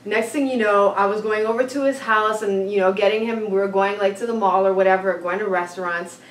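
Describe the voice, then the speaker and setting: A woman in her twenties, co-hosting a vlog, who tells a dating story in an animated way and acts out the people in it. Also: mid-range voice, a little fast. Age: 20s. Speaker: vlog co-host. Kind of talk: casual storytelling. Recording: roomy, from a distance.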